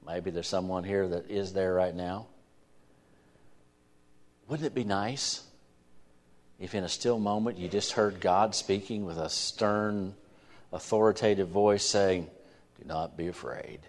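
Male pastor, lowish voice, earnest sermon delivery with restarts, church setting. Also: steady tone, measured pace, pauses often. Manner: earnest, repeats words when starting phrases.

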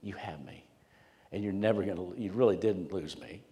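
A man acting out a tender teacher who reassures in a soft, hushed voice, at moments barely above a whisper. The voice is low and carries a long church reverb. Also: moderate pace, lightly acted.

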